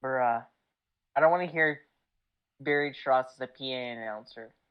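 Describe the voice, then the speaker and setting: A young woman with a very low voice co-hosts a casual sports podcast, full of quick, teasing banter. Her voice comes through a dull, lo-fi mic. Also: smooth. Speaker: podcast co-host.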